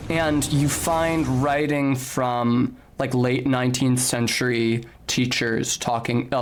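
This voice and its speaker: Slight background noise accompanies a mid-range male voice giving casual gameplay commentary on a stream. His diction is precise and articulate, he erupts in sudden swearing at the game, and he remarks on how he sounds like a snob.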